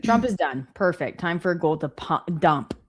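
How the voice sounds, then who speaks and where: A woman's voice: on the low side, lively intonation, normal speed, husky. A woman co-hosting a live stream, chatting casually and self-deprecatingly, often quoting her own thoughts. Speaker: co-host trading live. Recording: faint music behind.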